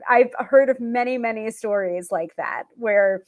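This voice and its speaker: A woman's voice: on the high side, a little slow, phone-quality sound. A woman hosting a live tarot stream, talking casually with many fillers and restarts.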